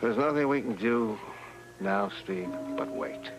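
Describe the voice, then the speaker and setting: An actor playing a worried male doctor in a 1980s daytime soap, speaking gravely and in hushed tones. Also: lowish voice, expressive, unhurried, over music, low-quality recording.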